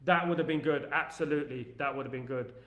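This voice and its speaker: A man's voice: mid-range voice, quick pace, a bit bright. A man from England with a London accent, hosting a casual fan live stream, chatty and rambling as he reads out viewer comments. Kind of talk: casual livestream chat. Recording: echoey room.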